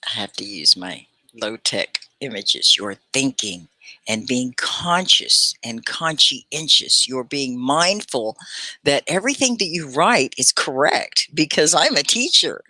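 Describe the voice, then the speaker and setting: A woman teaches English on her livestream in a lively, swooping voice that rises and falls a lot. Her tone is bright and clear, and the sound is dry and close. She chats easily, laughs often and slows right down to stress the words she wants learners to catch. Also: very deep voice, no echo. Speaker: ESL teacher and livestream host. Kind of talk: live online English lesson.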